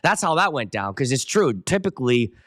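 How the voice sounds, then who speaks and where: A man from the Pittsburgh area who works as a wedding DJ, hosting a casual live stream and rambling excitably from topic to topic. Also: mid-range voice, a little fast. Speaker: wedding DJ and show host.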